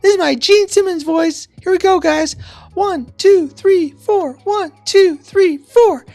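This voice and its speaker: A man doing a shouty impression of a pumped-up rock star leading a workout, counting off and urging everyone to sweat. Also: extremely high pitch, takes it slowly, vocal fry, no echo, pitched above the performer's own voice, exaggerated voice. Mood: hyped. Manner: hyped, shouting count-offs. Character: loud pumped-up male rock star fitness coach.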